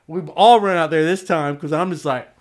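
A tattoo shop owner telling a story in casual chat, swearing a lot and acting out quotes and sound effects. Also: male voice, a little high, normal speed. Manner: profane, animated, acts out quotes and sound effects.

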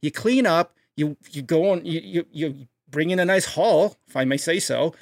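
A man's voice: a little high, normal speed, vocal fry, dry recording. A man co-hosting a podcast, hyping up a story with energy and acting out voices as he tells it. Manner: hypes stories up, acts out bits in jumpy voices. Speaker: podcast co-host. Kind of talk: animated comic storytelling.

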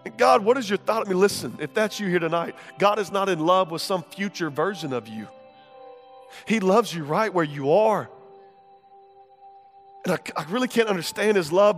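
A man in his thirties preaches with fervor, his fairly high voice rising to shouts and dropping to hushed tones. He delivers a sermon to a congregation, and a faint musical bed plays quietly behind him. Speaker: pastor.

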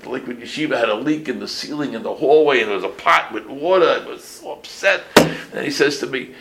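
A man in his sixties, a rabbi giving a casual halacha class full of stories, talking in an animated way with many restarts and Yiddish phrases. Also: medium pitch, quick pace, hardly any pauses, heavy background noise.

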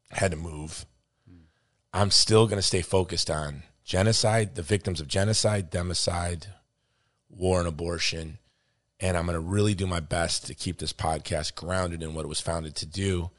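In clean studio sound with no room sound, a middle-aged podcast host with a low-pitched voice tells a story casually. He gets animated, voicing the people he quotes and saying "dude" and "brother."

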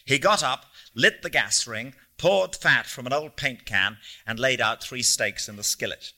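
A male narrator reads literary prose at a measured, descriptive pace. His voice is strikingly bright and crisp, sitting at a middle pitch for a man. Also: expressive. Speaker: audiobook narrator.

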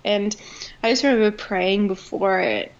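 A woman guest from Australia, a singer telling her story in an interview, animated and laughing often. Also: mid-range voice, normal speed, muffled recording. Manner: animated, laughs often, acts out quoted voices.

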